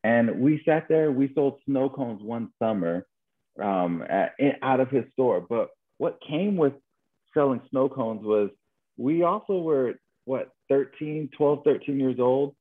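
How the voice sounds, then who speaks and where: A man's voice: mid-range voice, expressive, unhurried. A man from El Paso, Texas telling a story in casual chat, rambling and ending lines with "right?". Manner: rambling, repeats words, tag questions "right?". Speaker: podcast co-host. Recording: phone-like narrow band.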